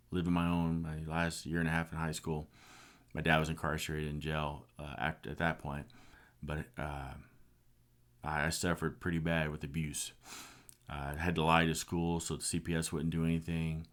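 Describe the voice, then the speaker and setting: A man's voice: extremely low pitch, fairly bright tone. A middle-aged man giving an earnest, passionate personal testimony. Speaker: speaker sharing a personal story.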